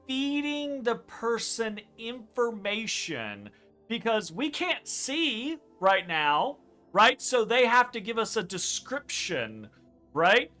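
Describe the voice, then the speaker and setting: A woman co-hosting a let's play, chatting casually with emphatic, animated delivery and some swearing. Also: on the high side, slow pace, soft background music. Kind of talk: casual chat over gameplay.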